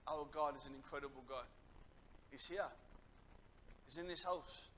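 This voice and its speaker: Young male preacher, forceful and bright, sermon delivery with emphatic surges. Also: a little high, steady tone, normal speed, pauses often, a little hiss or hum, rough recording. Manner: impassioned, building to loud emphatic peaks. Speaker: guest preacher.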